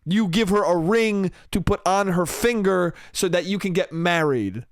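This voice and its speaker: A man's voice: high voice, unhurried, no echo, studio quality. A young man hosting a solo podcast, rambling crudely and laughing at his own jokes. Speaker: podcast host.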